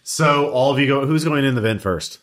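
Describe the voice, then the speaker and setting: A man narrating a tabletop game as game master, relaxed and chuckly, often hesitating with fillers. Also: medium pitch, normal speed.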